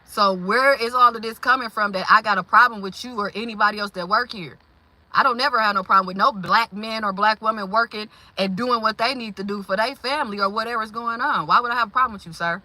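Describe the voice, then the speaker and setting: Bright-voiced, blunt woman venting. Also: fairly high pitch, fast talker, no echo, low-quality recording. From Milwaukee, Wisconsin. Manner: animated, blunt, confrontational. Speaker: vlogger. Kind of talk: venting monologue.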